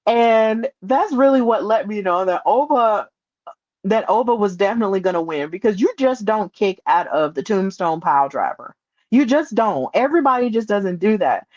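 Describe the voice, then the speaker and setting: A woman hosting a solo podcast, retelling events in an excitable, animated way with playful asides. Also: medium pitch, no echo, lo-fi sound. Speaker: podcast host.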